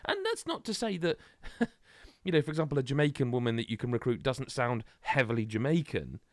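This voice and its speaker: Man, podcast chat, rambling, animated, dry close mic. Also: mid-range voice, brisk, no echo. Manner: rambling, animated, many restarts. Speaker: podcast co-host. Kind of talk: casual chat.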